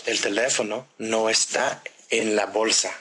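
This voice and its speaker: A man teaching a grammar lesson, talking slowly and deliberately and pausing for the listener to repeat after him. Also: on the low side, fairly even intonation, background noise. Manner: slow, deliberate drilling with pauses for repetition. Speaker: Spanish teacher.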